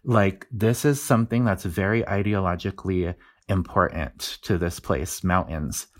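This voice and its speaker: A man's voice: deep voice, measured pace. A man speaking as a linguist guest, explaining his research in a casual, enthusiastic way, often laughing and restarting words.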